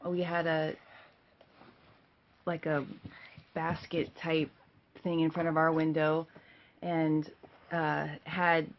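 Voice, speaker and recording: Low creaky-voiced mother, rambling. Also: level tone, takes it slowly, pauses often, highs cut off. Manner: rambling, with many fillers. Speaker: mother giving thanks. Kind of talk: heartfelt personal message.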